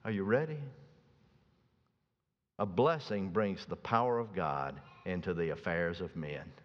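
A pastor preaching a sermon, swinging from soft, slow passages to loud, emphatic ones. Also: male voice, low-pitched. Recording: dull sound with long reverb.

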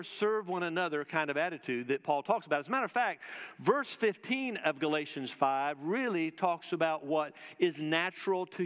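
A man preaching a sermon as pastor, slow and emphatic, with drawn-out pauses and questions to the congregation. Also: high-pitched, a bit bright. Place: church sanctuary. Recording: long reverb of a church hall.

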